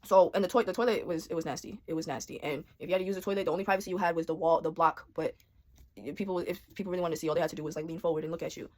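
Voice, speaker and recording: A young woman casually telling a personal story in a vlog, rapid and animated, full of slang and quoted thoughts. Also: fairly low pitch.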